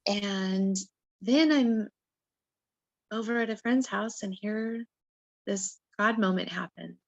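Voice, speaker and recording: A woman guest on a podcast, telling her personal story in an emotional, animated way and acting out her own past words. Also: mid-range voice, takes it slowly, no echo, highs cut off.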